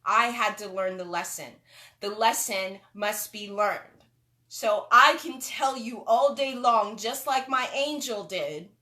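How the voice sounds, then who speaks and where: Woman host giving a spiritual talk, slow deliberate pace, bright clear tone, hits words hard then drops soft. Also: mid-range voice. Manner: emphatic, swings between loud stresses and soft asides.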